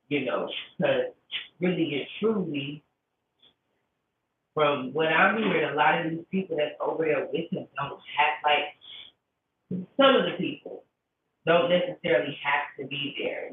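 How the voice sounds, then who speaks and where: A woman giving a blunt, profane, casual commentary rant, full of fillers. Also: sits low. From United States. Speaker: commentary vlogger. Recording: echoey, tinny, distant with faint hiss.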